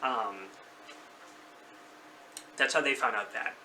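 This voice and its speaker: A man's voice: medium pitch, slow, pushed and bright. A man in his thirties casually telling a personal story as a vlogger in his bedroom, rambling and correcting himself as he goes. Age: 30s. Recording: slightly distant mic, faint background noise.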